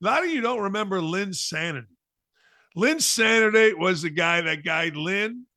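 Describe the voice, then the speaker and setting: A man with a bright, forceful voice, slightly high for a man, hammers home his sports opinions in a talk-show monologue. He repeats points for emphasis and slips into mocking asides. His voice sounds close and dry, with no room around it. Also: expressive, normal speed, no echo.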